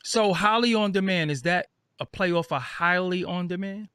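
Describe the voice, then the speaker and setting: A man hosting an interview show, sounding tired and a bit raspy, talking in a loose, rambling way with lots of fillers and repeats. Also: normal speed, a bit bright, dry recording, clean studio sound. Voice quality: raspy, deeper than usual. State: tired, just woke up. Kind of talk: casual interview chat.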